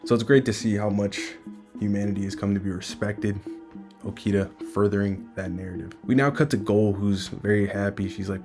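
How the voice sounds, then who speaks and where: Deep-voiced man breaking down a manga. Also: steady tone, brisk, over music. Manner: enthusiastic, speculative. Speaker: manga chapter reviewer. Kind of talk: casual chapter breakdown.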